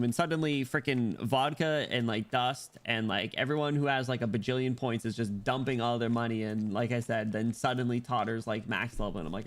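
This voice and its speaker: A man streaming a visual novel on a headset mic, reacting loudly and excitably. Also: medium pitch. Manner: excitable, loud reactive outbursts, swearing. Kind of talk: casual game stream commentary.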